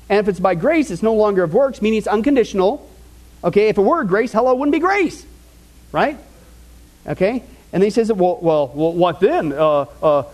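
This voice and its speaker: A man preaching a Bible-teaching sermon as a pastor. He asks the congregation questions and keeps checking in with them. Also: poor audio. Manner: asks the audience rhetorical questions and checks in with "okay?"; animated, with sudden jumps in pitch for emphasis.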